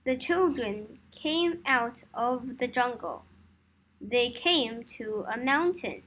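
A woman reading a children's story aloud for English learners, slow, clear and careful. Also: on the high side, lively intonation, fairly bright tone.

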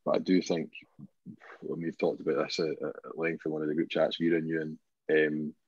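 A man's voice: very deep voice, completely flat delivery, brisk, dry recording. A Scottish man co-hosting a football podcast in casual chat, thoughtful and hedging, often restarting his phrases. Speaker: podcast co-host. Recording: dull lo-fi podcast audio.

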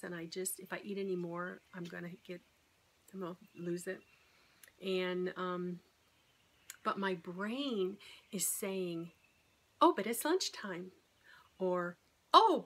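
A woman's voice: medium pitch, a bit bright. A middle-aged woman talking candidly and rambling in a casual vlog about her weight-loss surgery. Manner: rambling, candid, self-deprecating.

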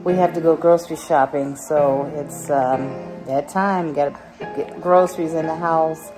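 A woman's voice: low voice, normal speed, music in the background, rough recording. A woman vlogger talking to her viewers while she drives, chatty and laughing, sometimes out of breath. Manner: chatty, laughs often, talks to herself. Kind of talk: casual chat while driving. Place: inside a car.

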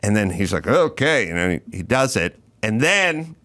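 Animated, bright-voiced ranting male host. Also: lowish voice, moderate pace. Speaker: podcast host. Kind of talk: comedic storytelling chat.

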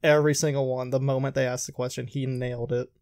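A man's voice: medium pitch, little pitch movement, fast talker, darkish tone, dry recording, studio quality. A man hosting a podcast, chatting casually and rambling with crude jokes. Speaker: podcast host. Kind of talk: casual chat.

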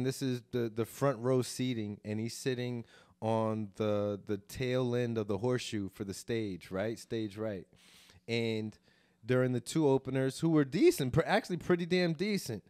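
A man's voice: medium pitch, darkish tone, clean tone, no room sound, studio quality. A man from Chicago, a comedian hosting a podcast, chatting casually in a rambling, profane way. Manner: rambling and profane, with lots of restarts.

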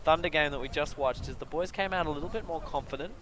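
A man giving live play-by-play commentary at an outdoor sports field, breaking into excited exclamations on big plays. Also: a little high, quick pace. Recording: crowd noise from an outdoor field.

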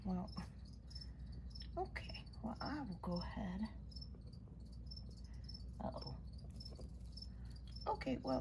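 Animated, chatty woman tarantula keeper. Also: on the high side, slow, gravelly, pauses often, noisy background. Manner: chatty, gushing at her spiders, trailing fillers. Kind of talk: casual narrated vlog.

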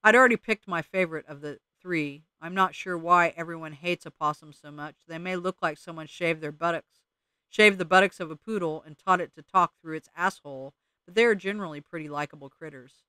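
A man reading a novel aloud as an audiobook narrator, in a wry, deadpan way. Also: on the high side, a little fast, smooth, no room sound. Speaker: audiobook reader.

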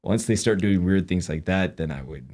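A man talking as an interview guest, explaining in an earnest, measured way. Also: low-pitched, a little mellow. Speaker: guest, former yoga practitioner. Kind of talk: interview conversation.

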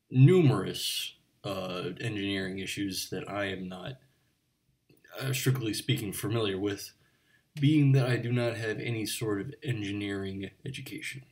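A man plays an eccentric bartender who rambles from one digression to the next, lecturing his customer with pedantic asides in a comic monologue. The voice sits low, and it sounds a little distant from the mic. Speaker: bartender character. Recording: voice a bit far from the mic.

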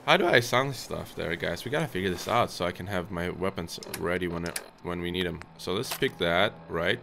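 A man's voice: sits low, animated, brisk, vocal fry, pushed and bright, a little hiss or hum. A man giving casual gameplay commentary, chatting to his viewers and yelping when startled. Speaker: let's play host. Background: game music and sounds.

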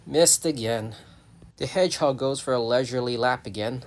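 A man's voice: mid-range voice, normal speed. Sardonic man narrating a comic clip. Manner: sardonic, joking, casual swearing.

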